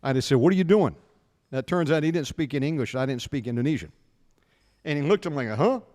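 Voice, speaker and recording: A man's voice: medium pitch, fast talker, big-room sound. A middle-aged American man hosting a radio show, telling stories in a casual chat and acting out the dialogue. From United States. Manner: animated anecdote teller, acts out dialogue.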